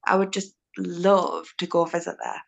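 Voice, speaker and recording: A woman's voice: on the low side, flat delivery, normal speed, creaky. A young British woman, a guest in a casual interview, giggly and self-deprecating. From United Kingdom. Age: young adult. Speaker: guest, social media personality.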